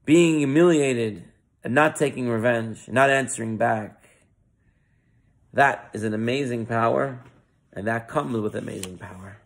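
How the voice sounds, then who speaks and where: A man, a rabbi, telling a moral story in a sermon, earnest and sprinkled with Hebrew terms. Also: mid-range voice.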